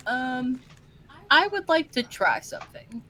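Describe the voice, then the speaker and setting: A woman's voice: high-pitched, big pitch swings, slow pace, bright, forceful tone. A woman playing a tabletop game, talking in a chatty, upbeat way. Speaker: player. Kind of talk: casual tabletop play.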